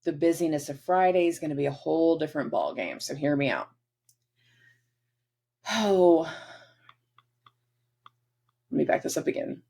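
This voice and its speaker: A woman's voice: deep voice, animated, moderate pace, creaky, long pauses, warm tone, breathy edge. A woman hosting a casual astrology forecast, chatty and acting out quoted dialogue in different voices.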